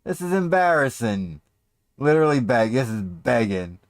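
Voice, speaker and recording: A man's voice: mid-range voice, sing-song, normal speed. A man giving crude, sarcastic commentary as he reacts to a video, swearing often. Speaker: streamer reacting to a clip.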